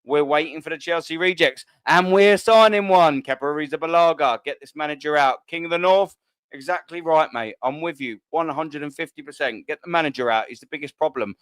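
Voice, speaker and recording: A man's voice: on the high side, a little fast, a bit bright, clean tone, no echo. A man, hosting a live stream, reading viewer comments and bantering bluntly with plenty of swearing. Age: 30s. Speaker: host.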